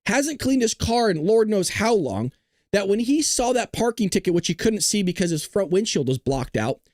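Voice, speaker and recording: A male livestream host rants and jokes, swearing freely as he reacts to the chat. His pitch swings widely and animatedly. The recording is dry, with the mic close. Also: no room sound. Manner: loud, ranting, profane, jokey. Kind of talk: profane live-stream rant and chat.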